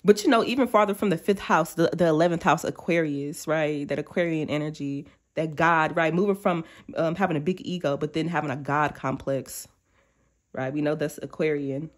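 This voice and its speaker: Chatty, slangy woman tarot reader, low voice. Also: moderate pace. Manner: chatty, animated, slangy and self-interrupting, acting out quoted thoughts. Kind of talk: casual tarot reading to viewers.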